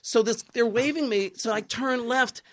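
A man's voice: very high-pitched, moderate pace, fairly bright tone. A man being interviewed as a guest, telling a funny story with lots of laughter and voices for other people. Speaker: guest, film producer. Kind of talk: animated storytelling in a podcast interview.

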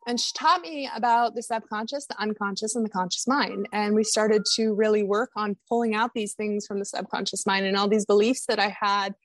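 A woman's voice: mid-range voice, steady tone, fairly quick, hardly any pauses, dry recording. A woman guest on a podcast, telling her personal story in a candid, confessional way.

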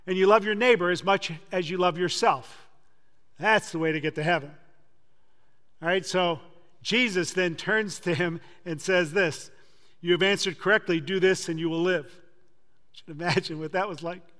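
A man preaching a sermon, retelling a scripture story with lively acted-out dialogue. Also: high-pitched. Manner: animated storytelling, acting out quoted voices. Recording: long hall reverb.

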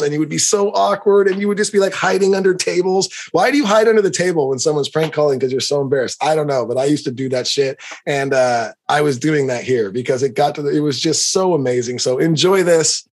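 A middle-aged man hosting a podcast, ranting in an animated, profane, heated way. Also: on the high side, fairly quick, hardly any pauses. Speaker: podcast host. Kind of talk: comedic rant.

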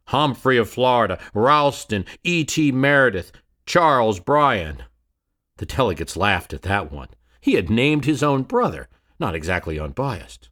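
A man's voice: mid-range voice, big pitch swings, measured pace, fairly bright tone. A man narrating a history story in a dramatic scripted style, with rhetorical questions and shifting emphasis.

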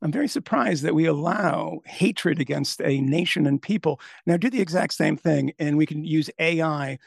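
Brief: creaky, fairly high man, sardonic commentator, dry sound. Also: moderate pace, dry recording. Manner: sardonic, mocking impressions of others. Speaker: podcast guest, commentator. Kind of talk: casual panel chat.

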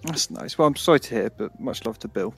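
A man's voice: mid-range voice, expressive, a little fast, gravelly, breathy edge, faint music behind. A man co-hosting a casual podcast, teasing and asking lots of questions. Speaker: podcast co-host. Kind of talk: casual chat.

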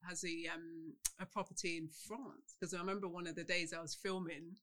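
A man from the English Midlands co-hosting a podcast in casual chat, quick to laugh and often soft-spoken. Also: fairly high pitch, fairly even intonation. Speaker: podcast co-host.

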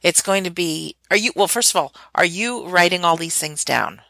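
Low, gravelly woman host. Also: lively intonation, moderate pace, pushed and bright, no room sound. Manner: eager, encouraging questions. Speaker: radio show host. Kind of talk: interviewing.

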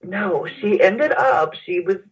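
A woman recalling events in an interview, speaking haltingly with frequent pauses and fillers. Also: mid-range voice, animated. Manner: hesitant, halting with many fillers. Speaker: interview guest. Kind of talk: personal recollection in an interview. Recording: dull lo-fi sound.

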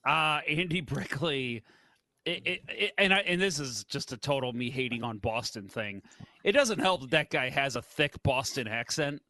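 A man's voice: mid-range voice, normal speed, no room sound. A man co-hosting a casual hockey podcast, swearing freely and acting out his rants. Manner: animated, swearing, acts out rants. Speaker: podcast co-host.

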